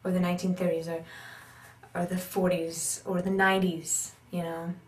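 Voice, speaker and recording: A woman teaching about accents and voice work in an animated, emphatic way, repeating her key points. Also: fairly low pitch, normal speed, distant mic, slight background noise. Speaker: acting and accent coach. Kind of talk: instructional talk. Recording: roomy echo, speaker off-mic.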